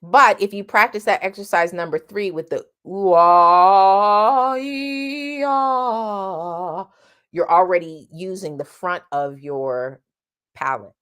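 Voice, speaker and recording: A woman's voice: on the low side, normal speed, sharp tone. A woman teaching a singing lesson, explaining vowel sounds and singing short vowel demonstrations between her explanations.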